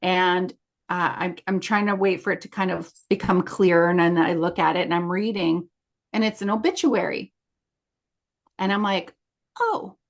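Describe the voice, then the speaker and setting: A woman's voice: lowish voice, fairly even intonation, normal speed. A middle-aged woman co-hosting a podcast, telling a story in casual chat and acting out the quoted lines of others. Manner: chatty, acts out quoted dialogue. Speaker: podcast co-host.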